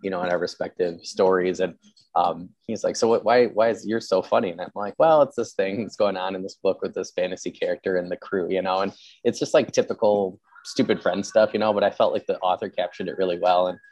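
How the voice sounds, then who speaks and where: A man's voice: deep voice, fairly even intonation, darkish tone, dry recording. A man hosting a podcast interview, chatting casually and rambling, with frequent strings of agreement. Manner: rapid, repeats "yeah", rambling. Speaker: podcast host.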